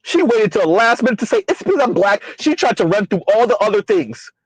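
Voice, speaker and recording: A man's voice: high-pitched, animated, fast talker, breathy edge, no echo, poor audio. A man hosting his own channel, ranting in a blunt, profane commentary with rhetorical questions. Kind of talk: casual commentary rant.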